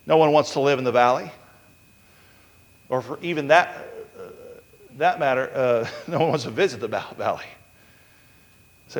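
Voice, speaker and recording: American preacher guy, high voice, rambling stories then punchy builds, long room echo. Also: animated, moderate pace, long pauses, fairly bright tone. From United States. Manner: conversational storytelling preacher, many fillers, builds to emphatic peaks. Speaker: pastor. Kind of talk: sermon.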